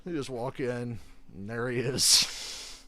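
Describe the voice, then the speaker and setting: A man chatting casually and reacting to a live game, swearing often, laughing a lot and getting excited. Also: mid-range voice, takes it slowly. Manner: profane, laughing, excitable banter.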